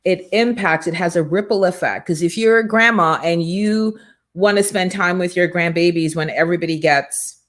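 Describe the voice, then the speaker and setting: A woman hosting a motivational morning show, talking in an energetic, preachy and emphatic way from a studio. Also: lowish voice, moderate pace. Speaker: show host and business coach.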